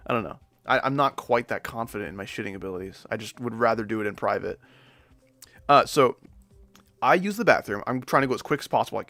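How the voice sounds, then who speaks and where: A man's voice: mid-range voice, lively intonation, fast, gravelly, fairly bright tone, no echo. A young man chatting casually on a livestream, rambling and joking, reading chat messages and often saying "dude" and "like". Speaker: streamer.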